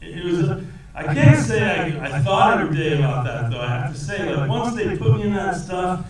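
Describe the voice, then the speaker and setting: A man answering audience questions as a film actor at a cinema Q&A, talking in a rambling, lively way and laughing often. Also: high-pitched, a little fast, crowd noise. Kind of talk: conversational Q&A answers. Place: cinema auditorium. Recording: echoey theater from a distance with audience.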